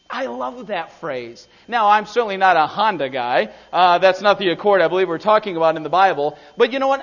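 A man's voice: high voice, expressive, a little fast, few pauses. A man preaching a sermon who is also a school principal, telling a story earnestly and joking lightly. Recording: dull lo-fi recording.

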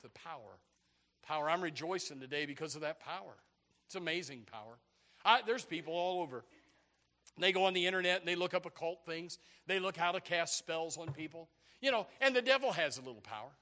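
A man preaching a sermon, animated and repetitive, with rising shouts. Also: on the high side, a little fast. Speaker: pastor.

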